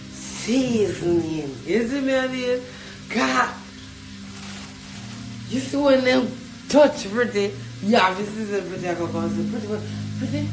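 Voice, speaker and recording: A Jamaican woman ranting in patois, mocking and boisterous, chanting and singing her taunts. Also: medium pitch. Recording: echoey room with loud music behind.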